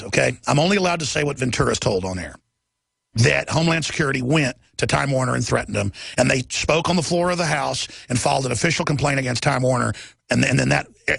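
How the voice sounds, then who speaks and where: Agitated talk-radio host, man, middle-aged; raised pitch, dry close studio mic. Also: gravelly, a bit bright, slightly rough, dry recording. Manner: agitated, ranting, repetitive rhetorical questions.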